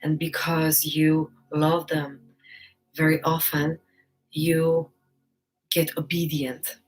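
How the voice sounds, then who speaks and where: A woman giving a live online talk as a personal development coach, gentle and encouraging, pausing often and laughing now and then. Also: low voice, flat delivery, faint music behind, rough recording. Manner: speaks with many pauses and fillers.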